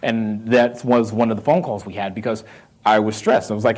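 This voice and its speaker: A man's voice: mid-range voice, fairly quick. A man with a Southern American accent giving a live motivational talk on real estate, quizzing the audience and repeating his key lines. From North Carolina roots. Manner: energetic, asks the crowd questions, repeats key lines.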